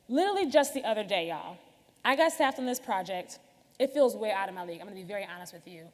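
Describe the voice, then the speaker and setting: A woman speaks quickly in a mid-range voice with lively intonation, giving a frank, conversational keynote directly to listeners. She's in a large conference hall, and the sound reverberates.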